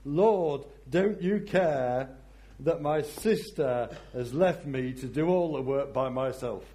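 A man's voice: takes it slowly, dark tone, lightly acted. A preacher voicing an overworked woman complaining to God in a raised, exasperated voice. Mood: pleading. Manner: high, pleading, exasperated complaints.

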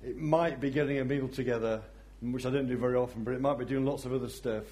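A man preaching a sermon in a reflective way, often dropping to a soft voice for emphasis. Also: mid-range voice, steady tone, fast talker, slight background noise.

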